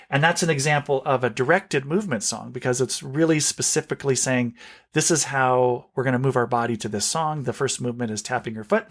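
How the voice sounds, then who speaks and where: A man, a music specialist for young children, explaining classroom songs in a lively, teacherly way as a podcast guest. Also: medium pitch, fairly quick. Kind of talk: podcast interview.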